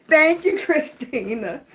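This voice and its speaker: A middle-aged woman hosts a casual livestream and chats with her viewers. Her voice sits high and she runs a little short of breath between phrases. She laughs often and greets people by name. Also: fairly bright tone. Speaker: livestream host.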